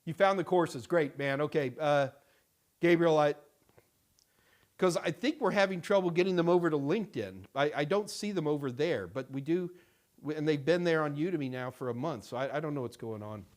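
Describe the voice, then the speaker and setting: A middle-aged man hosts a casual live-stream question-and-answer session from a studio. His voice sits a little high for a man. He talks in a loose, rambling way, full of fillers and restarts. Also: brisk. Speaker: host answering viewer questions.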